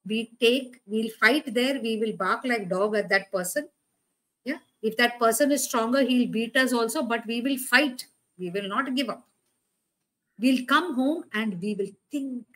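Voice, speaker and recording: A preacher delivers a sermon in a loose, conversational style, her slightly high, somewhat bright voice moving at an unhurried pace. She drives her points home with rhetorical questions and repeated words, though the audio quality is poor.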